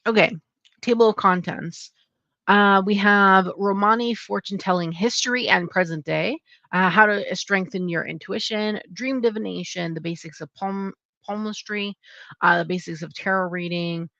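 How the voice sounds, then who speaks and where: A woman's voice: mid-range voice, normal speed, pushed and bright, no echo. A young adult woman hosting her channel, casually chatting through upcoming book releases in a rambling way with lots of fillers. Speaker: channel host. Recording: dull lo-fi sound.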